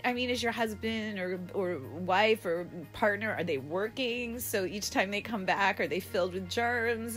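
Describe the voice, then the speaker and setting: Young woman rambling on a home livestream, super chatty and expressive, faint music behind her. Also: medium pitch. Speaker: livestream host. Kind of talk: casual livestream chat with viewers. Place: at home, indoors.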